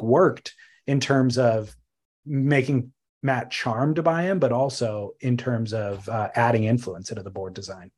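A man co-hosting a casual podcast, telling stories in an animated, thoughtful way with bursts of emphasis. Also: medium pitch, slightly rough. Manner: animated, thoughtful storytelling with sudden bursts of laughter-tinged emphasis. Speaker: podcast co-host.

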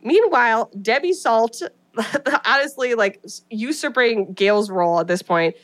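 A woman's voice: a little high, measured pace, a bit bright. Chatty woman recapping a movie. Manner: chatty retelling with quoted voices, many "like" fillers. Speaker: podcast co-host. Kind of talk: casual movie recap chat.

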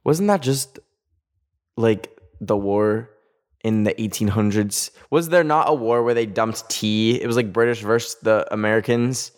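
A man's voice: fairly low pitch, measured pace. A young man from Canada hosting a solo podcast, chatting casually in a rambling, self-mocking way that keeps getting sidetracked. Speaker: podcast host.

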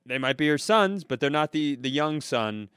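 A man on a comedy podcast telling a long story casually, animated and profane, laughing at his own punchlines. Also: on the high side, normal speed, clear, resonant tone, no room sound, studio quality. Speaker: podcast co-host.

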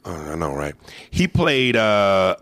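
A man hosting a comedy podcast, telling profane, animated stories in casual chat. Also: deep voice, takes it slowly, no echo.

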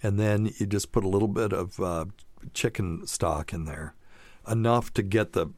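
A man's voice: on the low side, fairly even intonation, moderate pace, no echo. A man hosting a casual live-stream podcast, chatting loosely and joking with chuckles. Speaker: podcast host.

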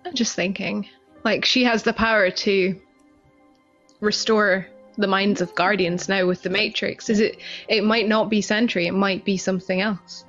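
A woman playing in a tabletop game, musing tentatively out loud. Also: medium pitch, steady tone, normal speed, faint music behind. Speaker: player. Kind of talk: casual play talk. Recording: dull lo-fi mic.

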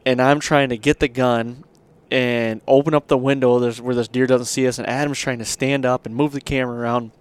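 A man's voice: medium pitch, fairly even intonation, brisk, hardly any pauses, clear, resonant tone. A man hosting a podcast, telling a long hunting story in a rambling, casual way with lots of fillers. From Michigan. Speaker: podcast host.

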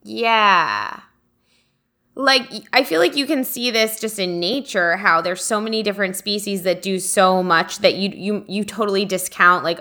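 A woman's voice: mid-range voice, moderate pace, sharp tone. A woman in casual chat as a co-host, asking curious questions and laughing easily.

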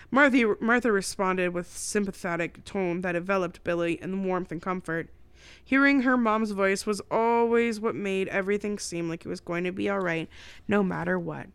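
Smooth-voiced woman reading her novel. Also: medium pitch, moderate pace, no echo. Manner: steady storytelling narration. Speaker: podcast host and author.

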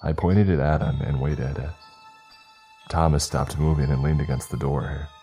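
Deep dark-voiced man narrating horror. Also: steady tone, measured pace. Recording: faint music underneath.

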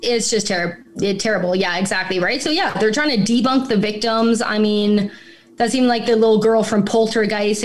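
A woman guest on a casual podcast chat who talks in a profane, rambling and incredulous way. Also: mid-range voice.

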